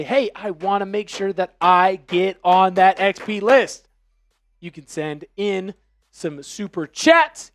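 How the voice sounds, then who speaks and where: High-voiced excitable football stream host. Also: male voice, dry recording, clean studio sound. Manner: energetic, jokey, shouts on scores. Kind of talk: excited live game commentary and chat. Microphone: headphones with mic.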